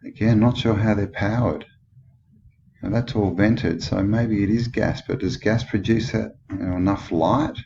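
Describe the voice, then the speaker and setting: A deep-voiced Australian man rambles through a commentary on old photos, thinking aloud and asking skeptical questions. The recording sounds dull and lo-fi, with steady noise clearly audible behind him. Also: unhurried. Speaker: channel host.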